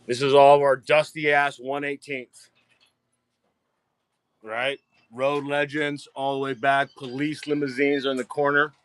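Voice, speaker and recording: Excitable man touring his diecast stock. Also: medium pitch, clean tone. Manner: excitable, swears freely, repeats himself. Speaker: diecast seller giving a tour. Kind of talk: casual live-stream walkthrough. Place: home storage rooms and outdoors at night.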